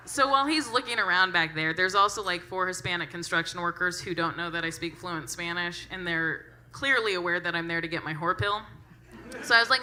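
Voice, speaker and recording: A young woman performing a stand-up set with a brash, animated delivery and plenty of swearing. Her voice is very bright and sharp. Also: fairly low pitch, normal speed. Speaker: stand-up comedian.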